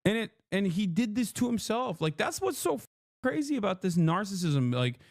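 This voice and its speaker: This man, a political livestreamer, rants heatedly and profanely, continually mocking his critics with sarcastic impressions. His voice sits high, is very animated with vocal fry, and moves at normal speed; the studio-quality recording has no room sound and plays as a clip inside a reaction stream.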